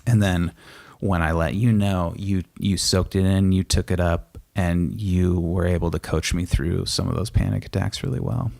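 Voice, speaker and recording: Low-voiced male podcast co-host, earnest and calm, dry close recording. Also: moderate pace, gravelly, few pauses, no echo. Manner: earnest and reassuring, calm coaching tone. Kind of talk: casual couple's podcast chat.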